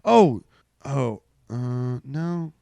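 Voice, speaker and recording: A man's voice: mid-range voice, very slow, vocal fry, no echo. A man co-hosting a casual comedy podcast, swearing and joking as he talks. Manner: animated, swearing, laughs a lot. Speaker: podcast co-host.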